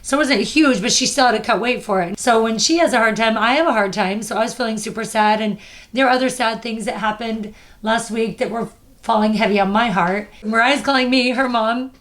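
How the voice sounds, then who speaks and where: A woman's voice: on the high side, fairly even intonation, fairly quick, a bit bright. Earnest woman telling a personal story. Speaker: podcast host. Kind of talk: casual chat.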